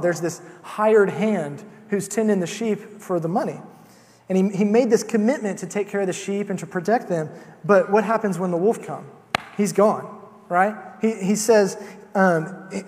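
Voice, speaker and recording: Man, preacher, sermon, casual talk with fillers and restarts, fairly high voice, long hall reverb. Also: normal speed, darkish tone. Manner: conversational, with filler words and repeated starts.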